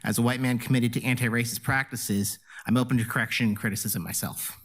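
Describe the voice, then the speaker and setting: A man addresses a council in an earnest, formal tone, reading prepared remarks at an even pace. He speaks from the chamber, and his voice is relayed through a stream. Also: medium pitch, fast. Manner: earnest, formal, reads from notes. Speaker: public commenter at a city council meeting. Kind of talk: prepared public testimony.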